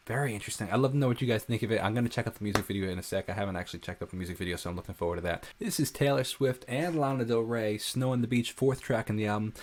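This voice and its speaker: A man's voice: lowish voice, slight background noise. A young man who is a musician, giving casual reaction commentary on a song and breaking down its production, with many "like" fillers. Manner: analytical, with frequent "like" fillers.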